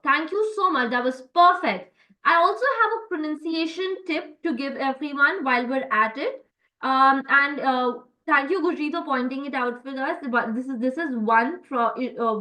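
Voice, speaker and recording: A woman's voice: high-pitched, bright, forceful tone, low-quality recording. A woman teaching French in an online class, explaining step by step with many fillers and lots of encouragement.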